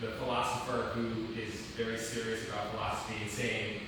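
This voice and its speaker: A man's voice: fairly low pitch, level tone, a little fast, noisy background. A man in the audience of a class, speaking hesitantly with fillers. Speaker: student in class. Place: seated in back of a class. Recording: echoey hall, far from mic.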